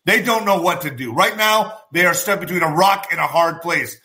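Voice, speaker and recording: A man hosting his own political commentary vlog, talking in an animated, profane way and gesturing with his hands as he goes. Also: a little high, moderate pace. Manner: former boxer. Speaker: show host.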